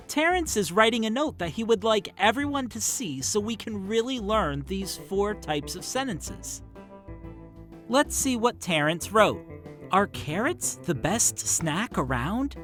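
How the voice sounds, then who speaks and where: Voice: medium pitch, a bit bright. A narrator of a children's educational video, reading a scripted lesson in an enthusiastic, encouraging way that speaks straight to young viewers.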